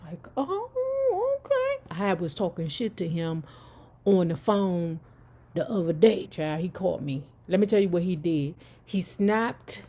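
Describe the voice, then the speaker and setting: A woman's voice: fairly low pitch, unhurried, dark tone. A woman reading a memoir aloud and breaking off into brash, profane comedic commentary and stories.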